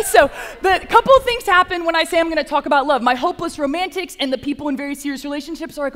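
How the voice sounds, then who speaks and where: A young woman with a lilt gives a chapel talk in a bubbly, chatty way, peppered with fillers. Her voice sits high. It rings out with the long reverb of a large hall. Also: expressive, fairly quick. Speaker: graduate assistant speaking at chapel.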